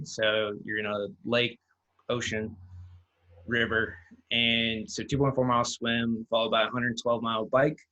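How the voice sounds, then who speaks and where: Man, interview guest, calm, matter-of-fact, bright tone. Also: mid-range voice, rough recording. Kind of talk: casual interview chat.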